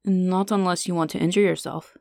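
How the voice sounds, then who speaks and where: A woman reading the lines of a calm, courtly elvish king in a smooth, unhurried voice. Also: fairly low pitch, no echo, studio quality, close to an everyday voice. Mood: composed. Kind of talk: audiobook character reading.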